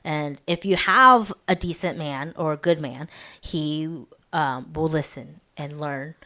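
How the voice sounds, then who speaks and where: A woman's voice: sits low, takes it slowly, sharp tone. A woman co-hosting a casual podcast, talking candidly with lots of fillers. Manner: candid, acts out quoted voices, many fillers. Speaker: podcast co-host. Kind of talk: casual chat.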